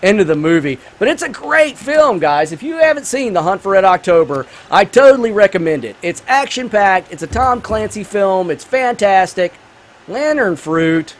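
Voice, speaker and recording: A man's voice: sits high, very animated, moderate pace. A man hosting a gaming channel, giving rambling, enthusiastic let's-play commentary full of fillers while he reviews a film.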